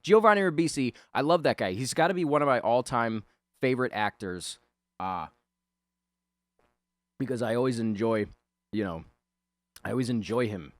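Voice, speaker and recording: A man's voice: mid-range voice, animated, normal speed, pauses often, no room sound, clean studio sound. A man rambling casually and profanely as he talks over his drawing, chuckling often. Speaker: artist talking over a drawing.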